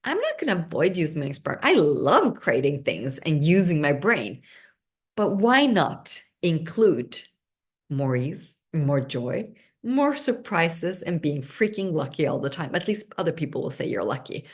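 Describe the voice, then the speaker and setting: A lively woman whose first language is Swedish hosts an online seminar in English, her voice sitting a little low. She talks with bubbly intensity on a video call. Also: measured pace. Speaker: seminar host.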